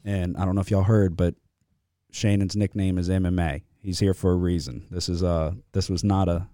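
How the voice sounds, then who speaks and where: A man hosting a sports podcast, talking casually in an animated, profane, venting way. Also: low-pitched, moderate pace, no room sound, clean studio sound. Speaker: podcast host.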